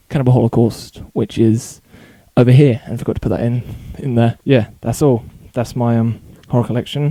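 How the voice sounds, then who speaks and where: Very dark-voiced man vlogging. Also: medium pitch, no echo. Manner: rattles off titles quickly with small slips and self-corrections. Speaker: video blogger. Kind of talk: casual vlog, reading out a long list. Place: his bedroom at home.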